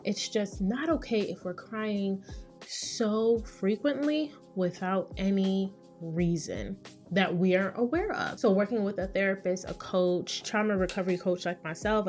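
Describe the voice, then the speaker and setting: A woman in her thirties, a therapist, hosts a podcast and delivers a casual advice monologue at a medium pitch. She's chatty and conversational, slipping into quick voices for the people she quotes, with faint music underneath.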